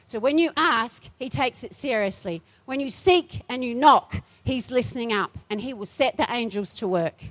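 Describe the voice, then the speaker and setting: High-voiced feisty woman preaching. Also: lively intonation, normal speed, hardly any pauses, a bit bright. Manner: feisty, emphatic preaching with repeated phrases. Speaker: pastor. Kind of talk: sermon. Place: church.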